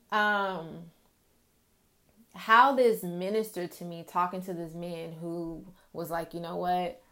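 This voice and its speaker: A woman shares a personal faith testimony in an unscripted, conversational way. She rambles candidly and keeps checking in with her listeners. When she recounts her prayers, her voice turns quiet and subdued. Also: medium pitch. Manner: candid, reflective, speaks in run-on stories with many "like" and "right?". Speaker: faith vlogger. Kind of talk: casual testimony to viewers.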